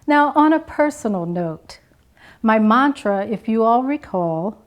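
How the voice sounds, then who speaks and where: A woman nursing instructor giving a graduation address with slow, emphatic, call-and-response delivery. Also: fairly high pitch, expressive.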